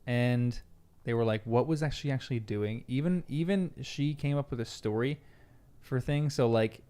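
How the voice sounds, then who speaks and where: A man hosting a casual book discussion, animated and laughing often as he acts out characters' lines. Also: mid-range voice, moderate pace, clear, resonant tone. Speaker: podcast host.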